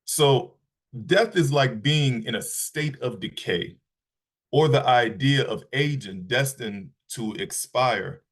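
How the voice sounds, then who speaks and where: Man, Bible lesson, slow delivery, halting, repeats words, reads verses aloud. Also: mid-range voice, expressive, breathy edge. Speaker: Bible teacher.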